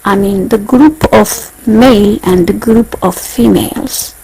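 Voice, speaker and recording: A woman teaching a beginner language lesson, speaking slowly and carefully and repeating each point. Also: mid-range voice, creaky, dark tone, breathy edge, low-quality recording. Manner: slow, repetitive, careful enunciation.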